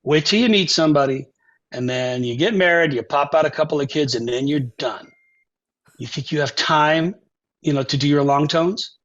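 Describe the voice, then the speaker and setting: A man's voice: on the high side, moderate pace. An older man, a composer and saxophonist guest, telling stories in an interview and acting out the people in them. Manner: animated storyteller, acts out quotes and sings phrases. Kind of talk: conversational interview storytelling. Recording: dull lo-fi podcast audio.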